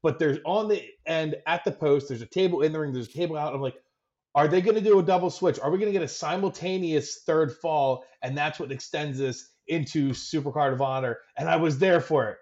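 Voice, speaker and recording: An excitable man co-hosting a podcast, joking his way through casual chat with a slightly high voice. He leans on fillers and quick asides. His recording sounds dull and lo-fi. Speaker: podcast co-host.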